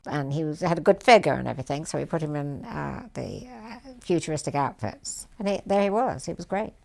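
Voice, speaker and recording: An older woman recalling a production in an interview, measured and hesitant. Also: deep voice, expressive, creaky, a little mellow. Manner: measured, many fillers. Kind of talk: reflective interview recollection.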